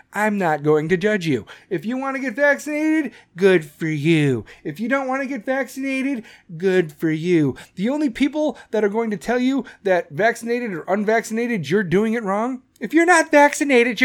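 A man hosting a podcast, ranting bluntly with lots of cursing and mocking voices. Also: high voice. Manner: blunt, aggressive and profane, mocking put-on voices. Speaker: podcast host. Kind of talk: opinion podcast rant.

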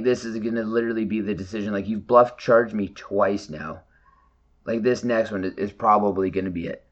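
A man's voice: fairly low pitch, dull audio. Man telling a wild story, lots of swearing. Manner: animated, profane, breathless retelling with shouted quotes. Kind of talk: casual storytelling.

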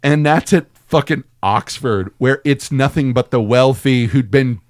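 A man's voice: mid-range voice, unhurried, no room sound, studio quality. A man co-hosting a casual comedic movie-review podcast, swearing freely and acting out what people said in his stories. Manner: profane, animated storyteller who acts out quotes. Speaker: podcast co-host.

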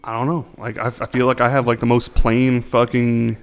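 Rambling mid-pitched man from the northern US. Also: completely flat delivery, moderate pace. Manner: rambling, many fillers, profane. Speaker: podcast co-host. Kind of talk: casual chat.

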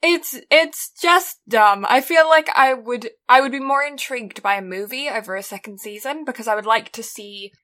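A woman's voice: a little high, normal speed, few pauses, bright, forceful tone. A woman co-hosting a casual anime podcast, teasing and giggly. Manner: giggly, teasing, lots of fillers. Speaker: podcast co-host.

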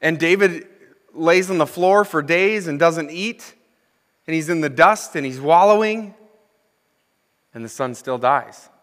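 A man's voice: fairly high pitch, unhurried, long pauses, fairly bright tone. Male preacher in a reverberant hall. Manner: conversational, asks the congregation questions; reads scripture then comments with humor. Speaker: associate minister. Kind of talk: sermon.

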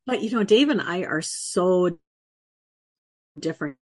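A low-pitched middle-aged woman speaks as a podcast guest. She tells an earnest, faith-filled story from her own life with animated energy and frequent laughter. Her voice is recorded dry, with no room sound. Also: a little slow, no echo. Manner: animated, laughs often, acts out quoted voices; faith-based, earnest testimony. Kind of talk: conversational storytelling.

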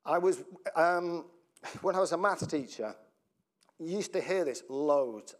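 A male pastor with an expressive, somewhat high voice preaches at a measured pace. He is playful and talkative, often laughing, breaking up mid-sentence, and drawing the congregation in with questions.

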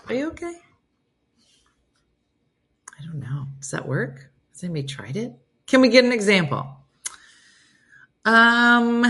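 Sassy, animated New woman host. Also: low voice. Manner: sassy, animated, laughs often. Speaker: radio show host. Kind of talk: casual morning radio chat, reading and reacting.

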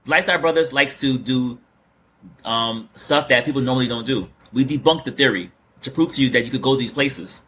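A man hosting a casual podcast chat, joking and animated, repeating words with lots of fillers. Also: mid-range voice, fairly quick, a little hiss or hum. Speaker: host.

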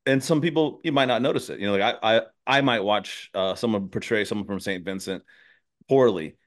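A man hosting a podcast in casual chat, rambling and excitable, often restarting his sentences. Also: lowish voice, brisk. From southern US. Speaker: podcast host.

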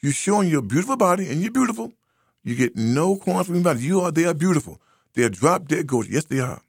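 A man's voice: on the high side, big pitch swings, fast talker, creaky, slightly rough, no room sound, clean studio sound. A man from the United States giving a preachy, emphatic commentary monologue, repeating phrases for effect. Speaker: social commentator.

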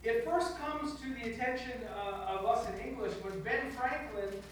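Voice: mid-range voice, moderate pace, slight background noise. Pastor preaching in an echoey hall. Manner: conversational storytelling with humor. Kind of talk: sermon. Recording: echoey hall from far off, faint background.

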